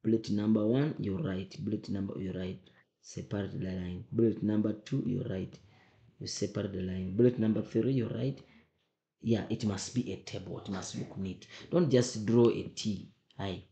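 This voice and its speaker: A man's voice: fairly low pitch, fairly even intonation, normal speed, creaky, dark tone. A man teaching, going over exam answers with emphatic repetition and frequent checks that students understand. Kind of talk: exam memo walkthrough lesson. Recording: echoey room.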